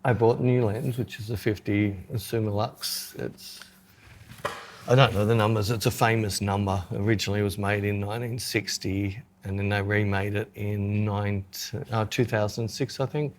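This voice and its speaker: A man's voice: lowish voice, steady tone, moderate pace. A man co-hosting a podcast in casual chat, joking and self-mocking as he talks through his photography gear.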